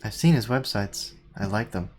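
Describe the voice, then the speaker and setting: A reader voicing a dry, sardonic, analytical teenage girl in a deadpan, wordy manner. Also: mid-range voice, normal speed, husky. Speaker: reader and organizer in a group readthrough. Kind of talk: live unscripted fan script reading.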